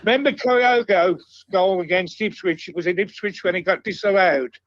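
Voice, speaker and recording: Sweary, blunt male caller, high voice, dull dry line. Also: normal speed, dry recording. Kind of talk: casual phone-in call. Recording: dull muffled phone audio.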